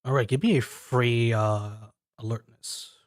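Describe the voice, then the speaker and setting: A man's voice: mid-range voice, dry recording, studio quality. Man narrating as game master. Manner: descriptive, halting with fillers.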